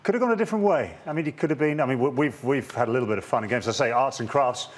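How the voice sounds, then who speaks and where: Male sports TV host, mid-pitch, jokey interviewer. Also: rapid-fire. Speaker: TV rugby show presenter. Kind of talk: broadcast hosting and interviewing. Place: TV studio.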